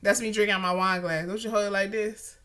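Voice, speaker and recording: A woman co-hosting a podcast in casual chat, talking in an animated, slangy, teasing way. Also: mid-range voice, fast. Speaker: podcast co-host.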